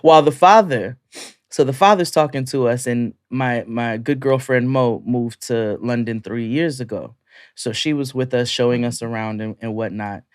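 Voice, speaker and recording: A man's voice: mid-range voice, moderate pace, smooth, no echo. Laughing storyteller man, dry close sound. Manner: storytelling, laughing often through his own anecdotes. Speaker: podcast co-host. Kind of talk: casual chat.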